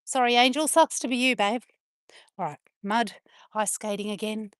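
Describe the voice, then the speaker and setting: A woman's voice: fairly high pitch, moderate pace, no room sound. A woman vlogging outdoors on a farm, chatting playfully and teasing her dogs. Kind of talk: casual chat to camera and to her dogs.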